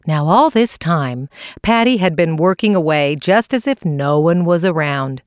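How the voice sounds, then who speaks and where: A woman reading a children's animal story aloud in an expressive way. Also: low-pitched, a little slow, no echo, studio quality. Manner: lively, expressive. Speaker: narrator.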